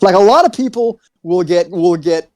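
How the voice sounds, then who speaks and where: Heated debater, man, high voice, cursing, talks over people. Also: expressive, moderate pace, a little mellow. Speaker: debate guest.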